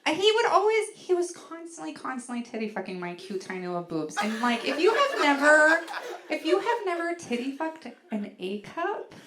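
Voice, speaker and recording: Lively, bawdy woman comedian on stage. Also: high-pitched, moderate pace, background noise. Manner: animated, bawdy storytelling with frequent "like" fillers. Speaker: stand-up comedian. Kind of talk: stand-up comedy set. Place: comedy club stage before a laughing audience.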